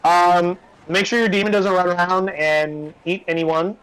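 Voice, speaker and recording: A man's voice: sits high, little pitch movement, a little slow, a bit bright, clean tone, rough recording. A man voicing a polite, formal male city gate guard in a tabletop game. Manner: courteous and apologetic.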